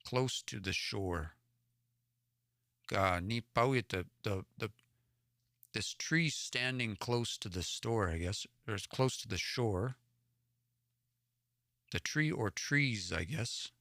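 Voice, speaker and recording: This livestream host from the Edmonton area in Alberta, Canada reads Cree stories, translating word by word and sounding out uncertain words. His fairly low voice is bright and forceful, slow-paced with long pauses. It's a dry, studio-quality recording.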